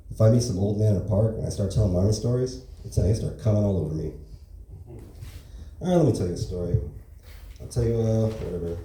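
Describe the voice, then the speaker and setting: Stand-up man, open mic, dark low voice, rambling deadpan delivery, echoey far-off club sound. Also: a little hiss or hum. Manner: rambling, filler-heavy, deadpan. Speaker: stand-up comedian. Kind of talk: stand-up comedy set.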